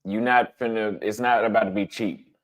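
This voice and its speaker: Guy chatting with viewers, bit low voice, blunt, repeats himself for emphasis. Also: fairly even intonation, moderate pace. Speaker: travel vlogger answering chat. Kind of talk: casual livestream chat.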